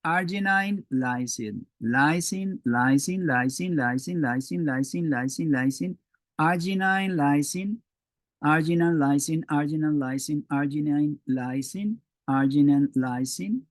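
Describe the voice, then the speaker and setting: A Mexican man whose first language is Spanish delivers an academic biochemistry lecture in a fairly high voice with no echo. His delivery is halting, with many fillers and restarts.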